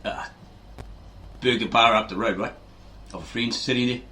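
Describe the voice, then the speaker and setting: At a moderate pace, this man speaks in a medium-pitched voice that's bright and forceful. He plays a fitness channel host who rambles casually, acts out quotes, and punctuates lines with "right?"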